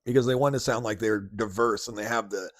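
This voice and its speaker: A man's voice: fairly low pitch, steady tone, quick pace, dry recording, studio quality. Slangy man hosting a podcast. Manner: casual, slangy, laughing often. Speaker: podcast host. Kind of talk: casual commentary.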